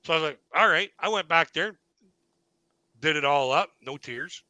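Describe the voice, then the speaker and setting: A man's voice: fairly high pitch, normal speed, pushed and bright, clear, resonant tone, no echo, rough recording. A man hosting a live online comedy panel, telling a long rambling anecdote and laughing at his own story. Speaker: stand-up comedian host.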